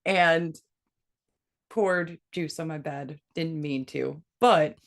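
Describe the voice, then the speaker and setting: A woman in her thirties casually telling a story, swearing freely and putting on a high voice when she quotes someone. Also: slow, vocal fry. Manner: profane, animated, quotes her son in a high voice.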